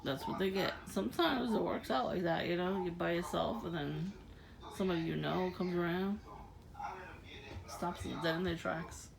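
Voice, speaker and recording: A low, gravelly woman's voice runs through a loose, rambling monologue, breaking into laughter again and again. Crowd noise murmurs behind her. It sounds like a casual recording made outdoors at night. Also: moderate pace, low-quality recording. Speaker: vlogger.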